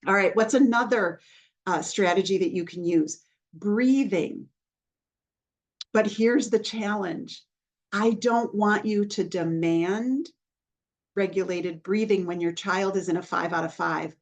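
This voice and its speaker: A woman hosting a podcast, explaining in a patient, instructive way and often checking in with the listener, softening her voice when she models calming phrases. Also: mid-range voice, a little slow. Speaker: podcast host, child development professional.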